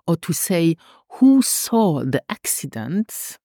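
A woman teaching a language lesson, patiently repeating words slowly for pronunciation. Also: on the low side, very animated, darkish tone, no echo, studio quality.

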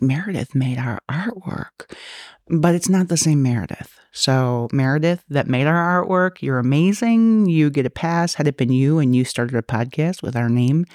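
A woman's voice: low-pitched, mellow, dry recording, clean studio sound. A woman co-hosting a podcast in casual, rambling banter, with a slight lisp at times. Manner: rambling, jokey, laughs often. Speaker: podcast co-host.

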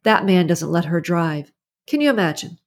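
Her low-leaning voice is animated yet moderately paced as she reads an audiobook, playing a meddlesome middle-aged neighbor who loves to gossip. The woman sounds opinionated, indignant and confiding.

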